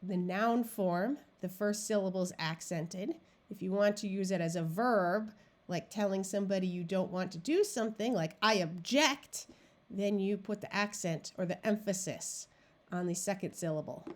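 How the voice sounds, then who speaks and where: A woman's voice: medium pitch, a little mellow. A woman reading tutor giving a phonics lesson, sounding out practice words one at a time and explaining syllable rules. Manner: slow, deliberate, clear word-by-word modeling.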